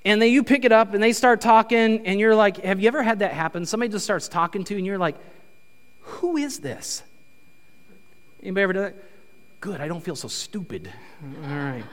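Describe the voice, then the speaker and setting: A male pastor giving a conversational, animated sermon in a church. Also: high-pitched. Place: church sanctuary. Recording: reverberant church hall.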